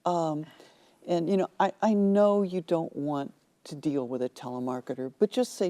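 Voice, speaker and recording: A woman author telling lively anecdotes in a TV studio interview, acting out the people in them. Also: low-pitched, moderate pace. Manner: animated storyteller, acts out quoted voices. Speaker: author guest.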